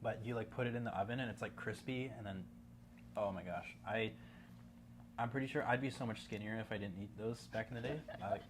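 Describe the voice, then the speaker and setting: A man's voice: lowish voice, brisk, noisy background. A man with a West Coast Canadian accent, a guest talking in laid-back casual chat, rambling with lots of fillers.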